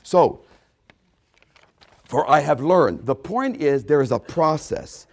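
A man's voice: fairly high pitch, lively intonation, takes it slowly, vocal fry. A man preaching a sermon with emphatic repetitions, often acting out quoted voices. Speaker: pastor.

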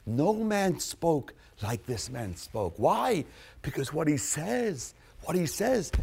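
A man in his fifties preaching a sermon, dramatic and repetitive, dropping from loud exclamations to hushed phrases. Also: mid-range voice, very animated, takes it slowly, vocal fry, slightly rough.

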